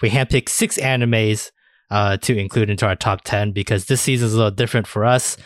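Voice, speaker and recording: A man's voice: on the low side, steady tone, brisk, dry recording, studio quality. A man hosting a casual podcast, chatting loosely, swearing freely and leaning on fillers like "uh" and "like". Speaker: podcast host.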